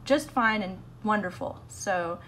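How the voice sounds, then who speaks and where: A woman artist chatting casually in a home vlog, excitable and full of fillers, recorded on a phone in an apartment. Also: medium pitch, a little slow, slight background noise, low-quality recording. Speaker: artist vlogger.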